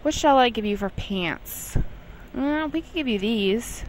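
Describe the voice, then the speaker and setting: A woman's voice: fairly high pitch, expressive, a little slow, a little hiss or hum, rough recording. A young woman casually commenting on her life-sim game, chatting to herself and scolding her characters in exasperated asides. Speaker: gameplay commentator. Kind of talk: casual let's play commentary.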